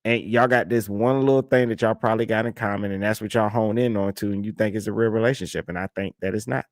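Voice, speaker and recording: A man's voice: fairly low pitch, steady tone, fast talker, no echo, clean studio sound. Blunt, laughing man reacting to a clip. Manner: blunt, incredulous, laughs often. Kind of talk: casual reaction commentary.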